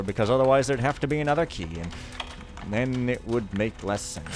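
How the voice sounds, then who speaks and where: A man's voice: mid-range voice, a little hiss or hum. A man giving rambling, jokey, self-mocking commentary while playing through a game. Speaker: let's play host. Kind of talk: casual gameplay commentary.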